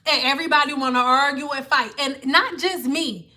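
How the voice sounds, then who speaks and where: Bright-voiced woman ranting. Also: sits high, normal speed. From Detroit. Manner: blunt, ranting, swearing freely. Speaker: hair vlogger. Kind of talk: casual rant to camera.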